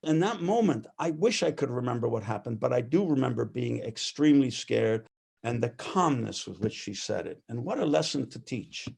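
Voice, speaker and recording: A man interviewed as a guest, telling lively anecdotes about his mother and laughing often as he talks. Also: medium pitch, moderate pace, gravelly, husky. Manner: animated anecdotal storyteller; laughs often while talking. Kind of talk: personal storytelling.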